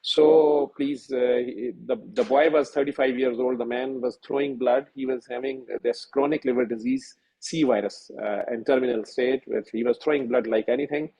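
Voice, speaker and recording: A middle-aged man recounting a hospital story on a video call, his voice dark and gravelly. He talks haltingly and earnestly, with many fillers and restarts, and a husky edge runs through it. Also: medium pitch, steady tone, rough recording. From Pakistan. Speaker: senior physician. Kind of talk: telling a personal story in a webinar.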